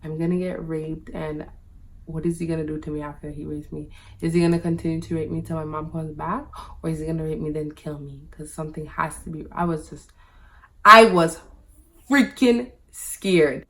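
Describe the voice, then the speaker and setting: Deep and mellow, her voice hardly shifts in pitch as she talks fairly quickly. She's a vlogger telling her viewers a personal story directly, in a laid-back monologue full of "like" in almost every phrase.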